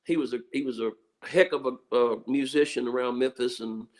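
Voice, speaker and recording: A bluesman from Mississippi, a guest on a radio show, tells stories in a Southern accent with a mid-range, steady voice at a moderate pace. His rambling interview chat meanders and is heavy with fillers.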